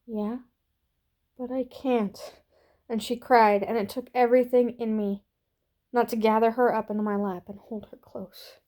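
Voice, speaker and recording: A woman reading a story aloud in a slow, soft, gentle voice that sometimes drops to a hush. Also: on the high side, flat delivery. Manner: slow, soft and gentle, dropping to hushed whispers. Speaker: reader.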